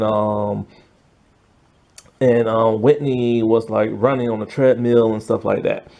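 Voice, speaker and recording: Male reviewer, casual and rambling, very lively pitch. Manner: rambling and animated, many fillers. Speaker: show reviewer.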